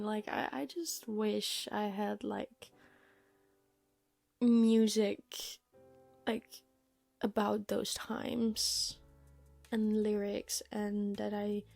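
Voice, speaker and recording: A young woman talks into her microphone in a casual personal vlog, her speech halting and emotional, full of fillers. Her voice sits a little high and has a gravelly fry, and she speaks slowly. Soft music plays faintly behind her. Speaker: vlogger.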